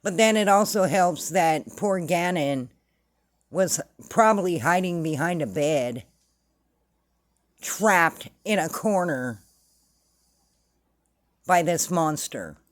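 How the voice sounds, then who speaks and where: A woman's voice: on the low side, animated, takes it slowly, pauses often, no echo. A woman hosting casual true-crime commentary, blunt and sarcastic. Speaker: commentary host.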